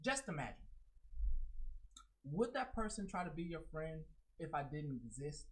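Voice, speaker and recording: A woman hosting her own livestream, ranting bluntly and profanely, mocking people in high, loud put-on quotes. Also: sing-song, moderate pace, pauses often, low-quality recording. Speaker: livestream host. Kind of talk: unscripted livestream rant.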